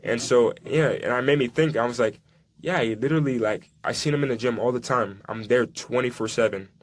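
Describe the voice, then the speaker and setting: A young man, a soccer player, telling his own story in a casual conversation. He acts out old dialogue, stopping and restarting as he goes. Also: mid-range voice. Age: young adult. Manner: recounts dialogue, halting restarts.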